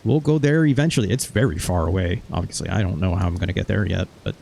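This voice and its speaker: This gaming host talks fast in a low, creaky, darkish voice. He recaps his playthrough in rambling, casual let's-play style, swearing offhandedly.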